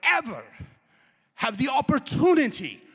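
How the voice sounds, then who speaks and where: A man voicing an excitable, theatrical European trip leader who booms out outbursts and slow, solemn pronouncements. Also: big-room sound. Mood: outraged.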